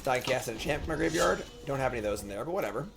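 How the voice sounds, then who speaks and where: A man's voice: medium pitch, animated, very fast, creaky. A young man giving casual, joking commentary while he streams a card game. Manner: joking, talks to himself and the opponent. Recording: background noise.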